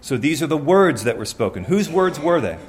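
A man's voice: a little high, big pitch swings, moderate pace. A man preaching a sermon, reading scripture aloud and asking his listeners questions in an earnest, conversational way.

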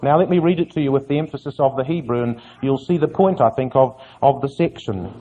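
In a muffled, lo-fi recording, a man delivers an earnest Bible exposition sermon, posing questions to his listeners and answering them himself. His mid-range, dark-toned voice is brisk, with hardly any pauses.

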